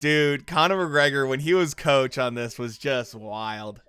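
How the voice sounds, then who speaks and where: A man's voice: mid-range voice, fairly even intonation, a little slow, pushed and bright, clean tone, no room sound, clean studio sound. A man hosting a fight-show watchalong stream, chatting casually with viewers and reacting to the episode as it plays. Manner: chatty, reacts to chat and the show with loose fan talk. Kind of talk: casual livestream commentary.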